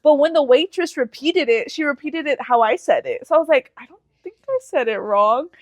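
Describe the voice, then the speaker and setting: Animated, high-voiced woman co-host. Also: a little fast, no echo. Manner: animated storytelling with frequent laughs; teasing, swears casually. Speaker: podcast co-host. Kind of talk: casual chat.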